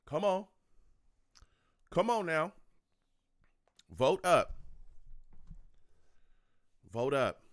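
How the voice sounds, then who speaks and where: A man's voice: a little high, sing-song, drawn-out words, long pauses, no echo, clean studio sound. A young man hosting a live football reaction stream, repeating himself a lot, venting at the calls and talking to his chat. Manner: frustrated, repetitive, talks to the chat. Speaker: fan show host reacting to a live game.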